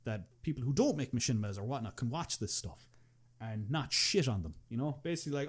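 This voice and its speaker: Fast-talking Irish man. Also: mid-range voice, lively intonation. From Ireland. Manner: rambling, many restarts and fillers, swears casually. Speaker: podcast guest, machinima creator. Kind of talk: casual podcast chat.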